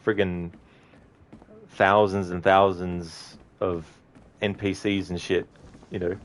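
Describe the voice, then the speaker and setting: Man, very low voice, casual gameplay commentary, laughs a lot, swears offhand. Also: level tone, slow. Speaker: game commentator.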